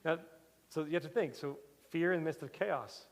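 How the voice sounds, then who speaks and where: A man's voice: on the high side, normal speed, a little hiss or hum. Male pastor preaching in a reverberant hall. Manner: animated storytelling, swinging loud and soft. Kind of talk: sermon. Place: church sanctuary. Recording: church hall with long reverb.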